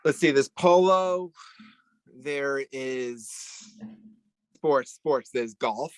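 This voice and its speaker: A man's voice: mid-range voice, very slow, clear, resonant tone, no echo, poor audio. A man chatting casually in a rambling, joking way, often searching for words. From Italian heritage. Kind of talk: casual chat.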